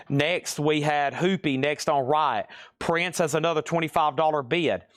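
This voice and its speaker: Brisk man calling out record sale prices. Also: fairly high pitch, fairly bright tone, no room sound, studio quality. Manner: brisk, listing items and prices, checking with "okay?". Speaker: live sale host. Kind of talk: live-stream record sale, reading claims and prices.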